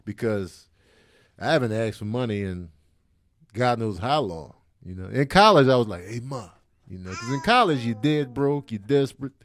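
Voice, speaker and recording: Laid-back man telling lively stories. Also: mid-range voice, normal speed, slight background noise. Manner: laid-back, animated storytelling with voiced quotes. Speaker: podcast co-host, father. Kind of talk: casual chat.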